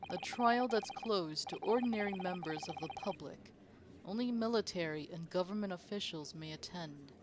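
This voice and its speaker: A woman playing a game and commenting casually, with giggly, animated reactions and game music behind. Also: fairly low pitch, moderate pace, background noise. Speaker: let's play streamer.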